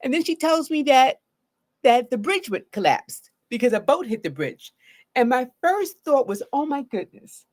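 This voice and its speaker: A middle-aged woman therapist speaks live to her viewers in a fairly high voice. Her pitch rises and falls widely as she explains, and she keeps checking in with a "right?". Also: moderate pace. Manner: earnest, animated, often asks "right?". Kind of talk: live solo talk on trauma.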